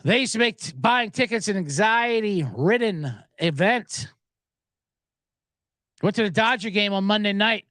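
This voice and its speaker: A man's voice: sits high, lively intonation, a little slow, a bit bright, no room sound, clean studio sound. A man hosting a sports betting podcast, rambling and joking, and getting worked up now and then. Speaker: podcast host.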